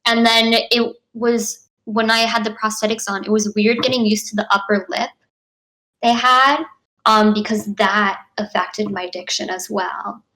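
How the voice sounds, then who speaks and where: A young actress answering interview questions in a bubbly, chatty way, full of "like" and "um" and quick laughs. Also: female voice, medium pitch, fairly even intonation, bright, forceful tone, rough recording. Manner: bubbly, frequent 'like' and 'um', laughs often. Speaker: actress guest. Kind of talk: casual interview.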